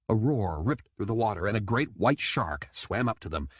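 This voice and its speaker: A man reading an audiobook in scripted narration, lively and quick to slip into character voices. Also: on the low side, breathy edge, dry recording, studio quality.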